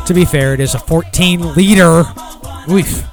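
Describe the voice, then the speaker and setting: A man's voice: on the high side, moderate pace, soft background music. A man hosting a podcast alone, rambling casually and swearing often while reading product copy aloud. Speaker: podcast host. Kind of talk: casual solo podcast talk.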